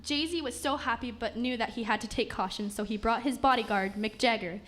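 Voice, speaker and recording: A woman's voice: on the high side, a little fast, a bit bright. A woman narrating a comic fairy tale aloud, with small stumbles and restarts as she reads. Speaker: story narrator. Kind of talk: reading a comic story aloud.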